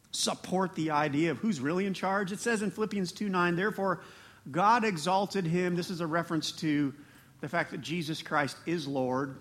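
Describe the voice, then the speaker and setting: A man preaching a sermon as pastor, animated, with laughing asides and rising emphasis. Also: on the high side.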